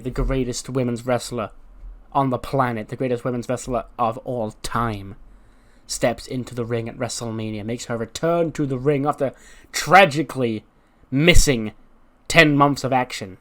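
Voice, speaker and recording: A man voicing a self-important, scheming female wrestler in a grandiose, measured manner. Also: medium pitch, a bit bright, close to an everyday voice. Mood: scornful.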